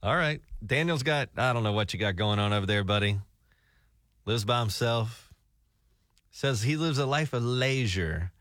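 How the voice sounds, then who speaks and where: A man's voice: mid-range voice, animated, normal speed, fairly bright tone, no echo, studio quality. A man co-hosting a morning radio show, teasing his partner in casual banter and laughing often. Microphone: studio microphone.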